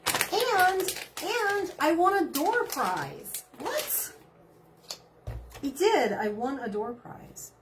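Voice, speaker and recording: A woman's voice: extremely high pitch, sing-song, drawn-out words, noisy background. A middle-aged woman, chatting casually on a live stream and reading out viewer comments, bubbly and giggly. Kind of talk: casual chat.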